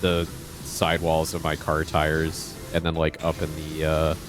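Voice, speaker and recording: A man's voice: very deep voice, monotone, measured pace, over music. Chatty man streaming a game. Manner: chatty, easily flustered, laughs often. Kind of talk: casual live-stream chat.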